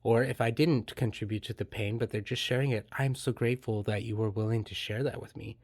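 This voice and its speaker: A man hosting a podcast, explaining in an earnest, gentle way and acting out calm dialogue. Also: lowish voice, a little fast, no room sound, studio quality. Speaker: podcast host and therapist. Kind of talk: reflective podcast monologue.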